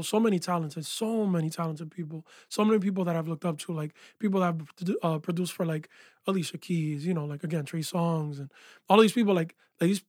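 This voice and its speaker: A man with a high-pitched voice tells his story as a guest in a relaxed interview. He talks with animated energy and leans on "yo" and "like" often. The sound is dry and close, as in a small studio. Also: dry recording. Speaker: guest, music producer and engineer. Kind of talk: casual interview chat.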